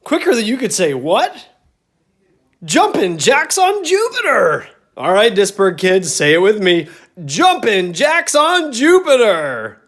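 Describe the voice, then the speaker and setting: A man's voice: high voice, big pitch swings, unhurried, fairly bright tone. A man hosting a children's story time, playfully coaxing the kids to join in. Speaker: children's show host. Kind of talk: chatting with kids between reading.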